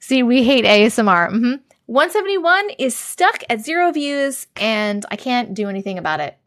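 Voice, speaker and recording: A woman's voice: on the high side, sing-song, moderate pace, a bit bright. Bubbly woman chatting with live viewers. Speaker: live-stream host. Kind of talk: casual live-stream chat, reading comments aloud.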